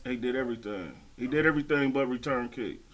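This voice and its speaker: A man's voice: medium pitch, fast, poor audio. A man, a football coach, telling stories of his players in casual talk. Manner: steady storytelling, listing players. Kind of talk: casual sports chat.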